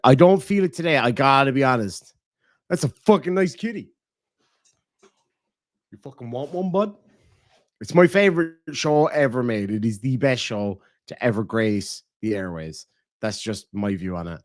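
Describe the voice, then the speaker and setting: A man's voice: medium pitch, normal speed, dry recording, studio quality. A man with an Irish accent hosting a casual livestream, reading donations and talking bluntly with lots of swearing. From Ireland. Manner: blunt and profane, animated swings in loudness. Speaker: livestream host.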